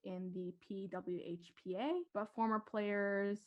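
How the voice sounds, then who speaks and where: A woman's voice: mid-range voice, fairly even intonation, unhurried. Female podcast co-host, chatty and careful with facts, muffled lo-fi mic. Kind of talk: casual sports chat.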